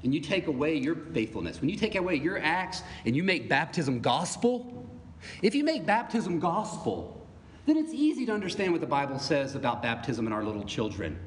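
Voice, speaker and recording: A man preaching a sermon as pastor, animated, with asides and little laughs. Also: fairly high pitch, normal speed, a little hiss or hum. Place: church sanctuary. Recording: reverberant church hall.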